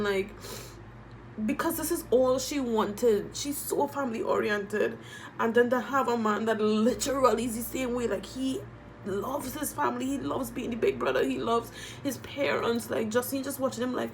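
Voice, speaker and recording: A woman reviewing a reality TV episode in casual chat, animated and emotional, repeating phrases and using slang. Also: fairly high pitch, moderate pace, a little hiss or hum, low-quality recording. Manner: moved and emotional while talking.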